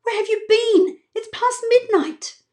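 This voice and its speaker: A woman's voice: sits high, huge pitch swings, measured pace, pitched above the performer's own voice, full character voice. A woman voicing a worried, scolding mother in a storybook reading. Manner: anxious, scolding.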